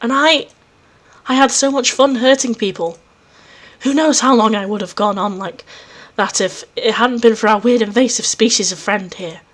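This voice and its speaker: A woman voicing an intense, scheming alien girl who talks about justice and vengeance in a low, measured way. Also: natural voice. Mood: brooding.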